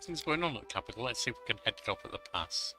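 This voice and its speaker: Bright-voiced man narrating a game. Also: mid-range voice, animated, very fast, faint music behind. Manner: thinking aloud, self-correcting. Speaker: let's play host. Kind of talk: casual game commentary and reading.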